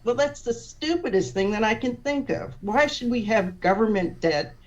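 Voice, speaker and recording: A woman's voice: fairly high pitch, expressive, normal speed. Woman guest talking through an idea step by step, lots of restarts, sounds a bit far from the mic, dull audio. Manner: thoughtful, explains step by step with many restarts. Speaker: guest on an economics podcast. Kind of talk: explanatory podcast discussion.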